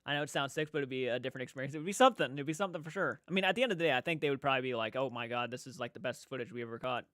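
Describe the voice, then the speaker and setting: A man chatting casually with viewers on a live stream. He talks loudly and excitedly, and swears now and then. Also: mid-range voice, very fast, dry recording. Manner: loud, upbeat, excited.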